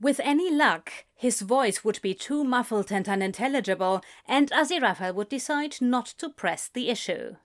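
A woman narrating a fan fiction story in an unhurried, expressive storytelling manner. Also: fairly high pitch. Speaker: reader.

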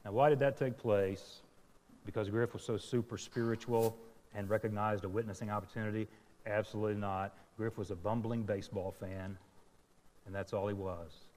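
A man's voice: fairly low pitch, fairly even intonation, moderate pace, a little mellow. A male pastor telling a story in a sermon, self-deprecating and acting out the dialogue of the people in it. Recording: long hall reverb.

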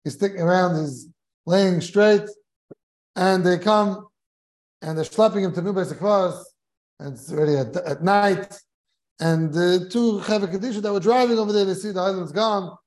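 In a study hall, a rabbi teaching a Torah class tells a humorous story, chuckling along and sprinkling Hebrew and Yiddish terms into his English. His voice is high and darkish in tone, at a normal speed.

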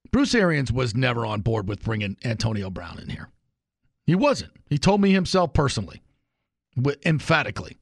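A man's voice: medium pitch, creaky, no echo, studio quality. A man hosting a sports talk radio show, delivering an opinionated, emphatic monologue.

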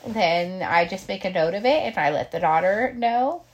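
A woman's voice: medium pitch, animated, normal speed, dull audio. A middle-aged woman who works as a caregiver, talking casually and leaning on filler words. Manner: chatty, leans on "like" fillers. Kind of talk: casual talk.

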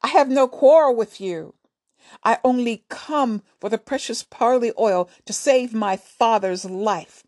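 A woman's voice: a little high, measured pace, darkish tone, dry recording, clean studio sound. A woman voicing a brave young male warrior who speaks earnestly and pleadingly in a told story.

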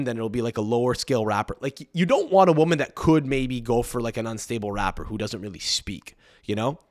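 Man, podcast host, solo rant, swears a lot, rambling, mid-pitched voice. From Montreal, Canada. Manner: profane, rambling, opinionated.

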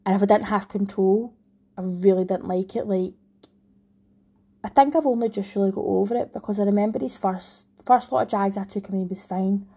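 A young woman with a Scottish accent talks candidly and at length, her thoughts tumbling out with many restarts. Her voice is mellow and warm, with a husky, breathy edge. She sounds like someone sharing a personal story straight to camera. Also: medium pitch. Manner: rambling, heartfelt, frequent restarts. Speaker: vlogger, new mum.

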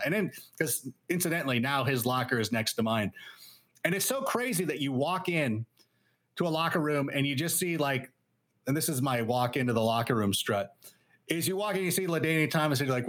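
A man's voice: medium pitch, brisk. Rambling, chatty male podcast guest. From Los Angeles area. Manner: rambling, animated storyteller with many fillers. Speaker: guest analyst. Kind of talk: casual interview chat.

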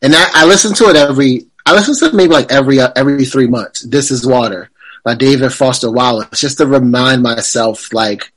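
A man's voice: mid-range voice, a little fast, a bit bright, slightly rough, low-quality recording. A man speaking as a podcast guest, reflective and rambling, with fillers and restarts. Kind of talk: casual conversation.

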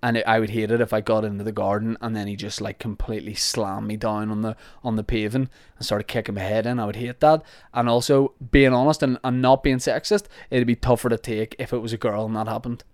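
A man's voice: on the low side, steady tone, brisk, hardly any pauses, darkish tone, no echo, studio quality. A young man with a Northern Irish accent, hosting a podcast and answering listener questions in a rambling, jokey, self-deprecating way. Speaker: podcast host.

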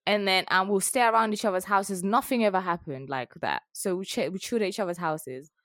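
A young woman, telling a story in a frank, animated way while chatting as a podcast co-host. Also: medium pitch, brisk, dry recording, studio quality. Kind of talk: casual chat.

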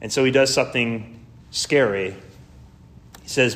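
A man's voice: medium pitch, unhurried, fairly bright tone. A man preaching a sermon as pastor, in a casual, conversational way with slangy asides.

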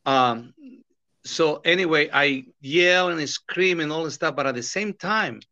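Bright-voiced man, halting speech. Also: fairly high pitch, dry recording. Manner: halting, many fillers and restarts. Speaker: interview guest. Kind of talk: personal interview talk. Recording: dull, slightly lo-fi recording.

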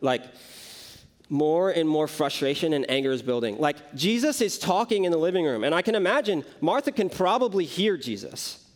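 High-voiced young man preaching casually. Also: animated, moderate pace. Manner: conversational, many "like" and "right?" asides. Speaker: youth preacher. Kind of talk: casual sermon storytelling.

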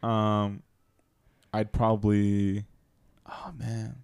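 A young man with a lowish voice talks loosely in a casual podcast chat, full of fillers and quick apologies. The sound is dry and close, with no room around it. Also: monotone, creaky, a little mellow, clean tone, no room sound. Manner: rambling, filler-heavy, apologetic, laughs often. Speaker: podcast co-host.

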